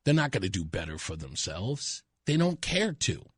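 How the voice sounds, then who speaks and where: A man's voice: fairly low pitch, sing-song, normal speed, breathy edge, no room sound, clean studio sound. A man hosting a talk radio show, delivering an indignant, emphatic opinion monologue.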